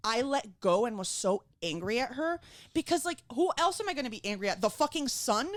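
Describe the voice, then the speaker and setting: A fairly high-voiced woman in her thirties tells stories on a podcast, swearing freely and jumping into the voices of the people she describes. The sound is dry and close, with no room around it. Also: fairly quick, no room sound. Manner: animated, profane, acts out voices in her stories. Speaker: comedian guest. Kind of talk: casual podcast chat, storytelling.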